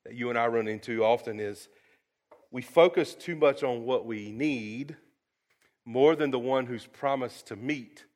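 A middle-aged man preaching a sermon, folksy and storytelling, swinging between lively asides and quiet, earnest drops. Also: mid-range voice. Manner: folksy, storytelling, animated with sudden soft drops. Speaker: pastor.

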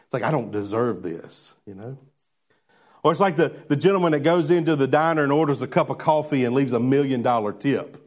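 A man preaching a sermon to a church congregation, animated and questioning, drawing responses from the crowd. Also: mid-range voice, fast. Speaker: pastor. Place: church before a live congregation.

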